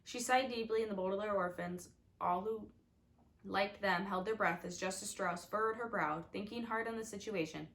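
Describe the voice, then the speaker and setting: A woman's voice: medium pitch, normal speed, a bit bright, rough recording. A woman narrating a storybook with wry, confiding asides to the reader. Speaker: audiobook reader.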